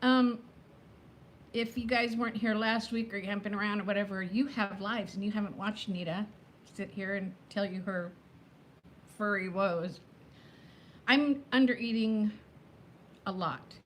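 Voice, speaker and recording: A woman in her fifties hosting a casual live chat, talking fast between topics and greeting viewers by name. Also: on the high side, slight background noise. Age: 50s. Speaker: livestream host.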